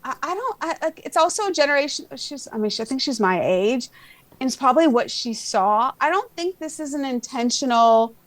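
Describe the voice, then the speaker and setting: Female co-host, opinionated casual chat, high-ish voice, dry close mic. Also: animated, a little fast, dry recording. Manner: chatty, opinionated, gossipy. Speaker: podcast co-host.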